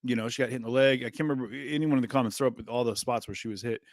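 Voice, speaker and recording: A man's voice: medium pitch, rapid-fire, no echo, clean studio sound. A man hosting a live stream, musing casually about a trial and answering viewers in the chat, with lots of ums and restarts. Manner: rambling, filler-heavy, reads chat aloud. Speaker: livestream host.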